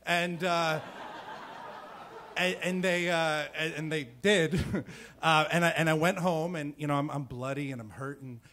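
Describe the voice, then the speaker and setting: Man in his thirties, fairly high voice, from New Jersey, casual rambling live storytelling, fillers, restarts. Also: steady tone, unhurried, bright, forceful tone, slight background noise. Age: 30s. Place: stage before a live audience.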